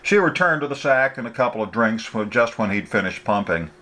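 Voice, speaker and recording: A man narrating a novel in a steady, plain reading voice. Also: fairly low pitch, fairly quick. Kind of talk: scripted story narration.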